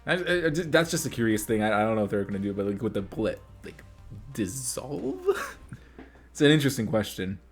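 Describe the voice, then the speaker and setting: A man hosting an anime reaction video, talking in a rambling, excitable way with many restarts. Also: fairly low pitch, fairly quick, soft background music. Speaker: reaction channel host. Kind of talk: casual anime reaction commentary. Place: home room lit by reaction lamps.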